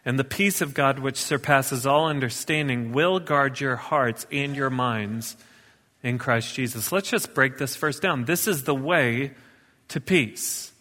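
A man's voice: mid-range voice, measured pace, bright, forceful tone. Emphatic male pastor in a hall. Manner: emphatic, repeats key words with rising force. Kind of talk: sermon.

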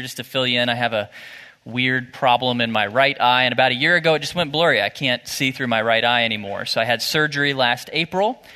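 Bright-voiced pastor preaching in a church. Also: male voice, medium pitch. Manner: conversational preaching that rises to animated emphasis. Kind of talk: sermon. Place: church sanctuary. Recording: church hall with long reverb.

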